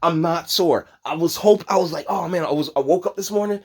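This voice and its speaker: A man's voice: on the high side, fairly quick, husky. A man hosting his own channel, reading news articles and ranting about them in a rambling, profane, sarcastic way, breaking into laughter often. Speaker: channel host. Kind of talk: casual news commentary rant.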